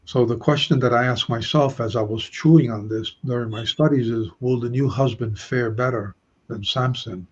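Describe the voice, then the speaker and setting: Bible teacher, male, mid pitch, slightly raspy, careful explainer, muffled stream sound. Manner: explains Hebrew grammar slowly, stressing key words. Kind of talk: Bible study lesson.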